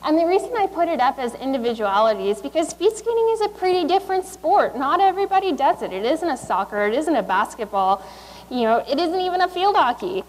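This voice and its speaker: A woman in her thirties, an Olympic speed skater, gives a conversational motivational speech at a school assembly, with fillers and restarts. Her high-pitched voice swings widely and she talks fast; the poor audio carries big-room sound and slight background noise.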